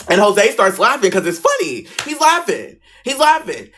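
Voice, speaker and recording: A man telling a personal school story in a casual, animated, swearing style. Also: high voice, normal speed, hardly any pauses.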